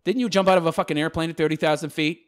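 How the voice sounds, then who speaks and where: A channel host reacting to viewer comments in a sarcastic, mocking manner, laughing often. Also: male voice, on the high side, steady tone, racing, clear, resonant tone.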